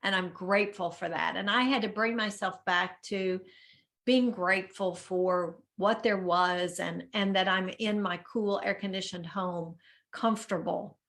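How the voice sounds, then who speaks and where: A middle-aged woman sharing a personal story in casual talk, halting and reflective, often stumbling over words. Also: mid-range voice, fairly even intonation, a bit bright.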